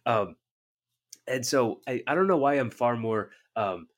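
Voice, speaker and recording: A man's voice: mid-range voice, expressive. A man who works as a therapist, chatting casually with frequent restarts and repeated words. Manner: halting, many restarts and fillers. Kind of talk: casual conversation.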